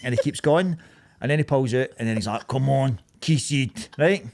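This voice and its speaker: A man's voice: mid-range voice, normal speed, creaky, a little mellow. A man in his thirties with a Glaswegian accent, telling stories in casual podcast chat, swearing and laughing freely. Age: 30s. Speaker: podcast co-host.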